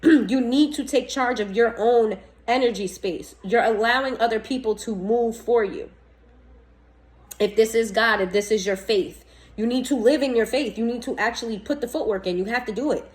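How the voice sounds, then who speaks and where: A woman's voice: on the high side, moderate pace, low-quality recording. A woman reading tarot to camera in a casual, blunt and chatty way. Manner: blunt, scolding, chatty, laughs often. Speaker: tarot reader.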